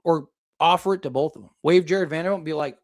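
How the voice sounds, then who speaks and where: A man's voice: fairly high pitch, fast. A young man hosting a casual live basketball talk stream, rambling with lots of fillers as he reads viewer super chats. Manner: rambling, filler-heavy, thinks aloud. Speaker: sports podcast host reading super chats.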